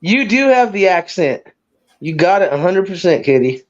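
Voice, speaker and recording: A man's voice: sits high, big pitch swings, moderate pace, a crowd in the background. A man hosting a livestream in casual chat, teasing and swearing, laughing often. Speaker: livestream host. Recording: dull lo-fi stream audio.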